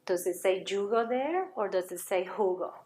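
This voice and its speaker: A woman's voice: medium pitch, expressive, normal speed, a little mellow, roomy sound. A woman teaching a Spanish lesson to children, patiently sounding out words and repeating them for students to copy.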